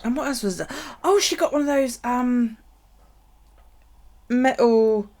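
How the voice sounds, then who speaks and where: A woman's voice: fairly high pitch, measured pace, darkish tone. A woman chatting casually while crafting on a live stream, rambling, swearing freely and laughing at herself. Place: home craft space.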